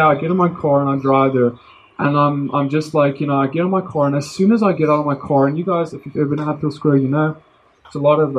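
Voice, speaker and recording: A man casually telling a personal story to his viewers, earnest and excited, rambling with many restarts. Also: fairly high pitch, a little hiss or hum, poor audio. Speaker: vlogger sharing a testimony.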